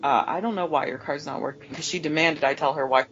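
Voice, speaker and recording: Woman venting about her night shift job, rambly, jumps way up in pitch when she mimics customers, muffled sound. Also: fast, a bit bright, soft background music. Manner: exasperated, rambling with many restarts. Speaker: podcast guest; overnight gas station clerk. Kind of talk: casual storytelling rant.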